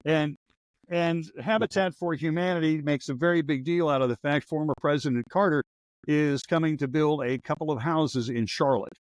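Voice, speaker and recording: A man's voice: on the high side, moderate pace, no room sound. A man in his sixties, a former radio newsman hosting a podcast, telling stories in a rambling, wry, anecdotal way. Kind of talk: casual storytelling chat.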